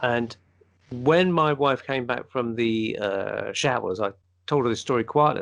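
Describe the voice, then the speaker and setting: A man with a gravelly edge to his voice tells a long personal story on a casual podcast. His pitch sits in an ordinary middle range, and he livens it up by acting out what each person said. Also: measured pace. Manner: animated storyteller, acts out quoted speech. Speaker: podcast co-host.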